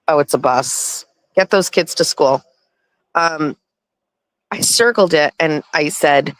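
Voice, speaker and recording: A woman's voice: rumbling low, normal speed, no echo, poor audio. A woman hosting a casual vlog from home, telling a story with plenty of swearing and laughter. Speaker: vlog host. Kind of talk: casual chatty monologue. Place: at home with her dogs.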